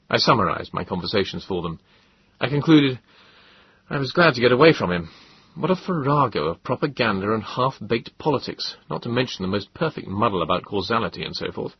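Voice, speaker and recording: Husky low guy reading a novel, measured, dull dry sound. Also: lively intonation, no room sound. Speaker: narrator. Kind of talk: audiobook narration.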